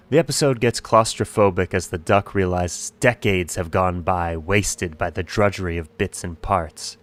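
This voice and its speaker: A man's voice: sits low, moderate pace, few pauses, no room sound. A man talking through a video analysis of a show in a wry, joking and speculative way. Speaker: commentary host.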